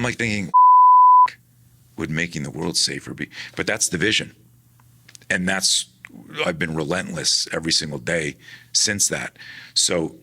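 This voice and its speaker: A low-voiced guest, an instructor in personal defense, talks casually about his work in an interview. He's animated, acts out the people and dialogue in his stories, and keeps restarting his sentences.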